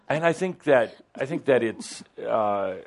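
A man co-hosting a casual spiritual discussion, talking in a relaxed, halting way with many restarts. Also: medium pitch, vocal fry, noisy background. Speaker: co-host discussing channelled teachings.

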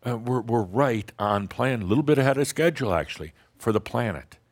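A man's voice: mid-range voice, lively intonation, a little fast. A man giving a rambling, playful spiritual talk to a live group, often chuckling and restarting his sentences. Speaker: spiritual teacher addressing an audience.

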